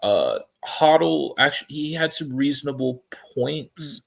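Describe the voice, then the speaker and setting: A man joining a live fan stream as a guest, measured and analytical, hedging with fillers. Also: a little high, animated, gravelly.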